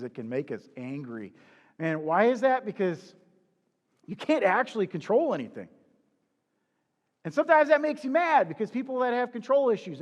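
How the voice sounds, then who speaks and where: A man's voice: fairly high pitch, long reverb tail. A man preaching in a conversational, confessional way, asking the listener rhetorical questions. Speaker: pastor. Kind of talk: sermon.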